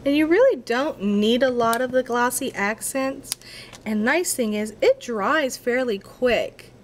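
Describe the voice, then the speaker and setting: A woman's voice: on the high side, animated, measured pace, slight background noise. A woman giving a casual crafting tutorial, chatty and a little apologetic, talking to herself as she works at her craft table.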